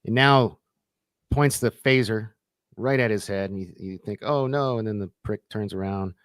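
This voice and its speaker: Guy hosting a chill live stream, lowish voice, acts out quotes when he retells stuff, dry sound. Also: moderate pace, dry recording. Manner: animated retelling, acting out quoted lines. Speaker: host. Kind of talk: casual chat on a live stream.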